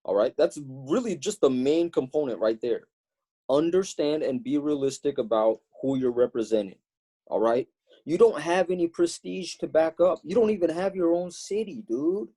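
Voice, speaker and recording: A man's voice: fairly high pitch, moderate pace, mellow, husky. A young man from Los Angeles co-hosting a comedy podcast, lecturing emphatically in casual chat. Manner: lecturing, emphatic, tag questions. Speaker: podcast co-host.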